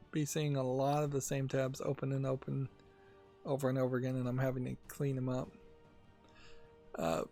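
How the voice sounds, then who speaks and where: A man hosting a gaming channel, talking casually about game news in a rambling, halting way with many fillers. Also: mid-range voice, vocal fry, a little mellow.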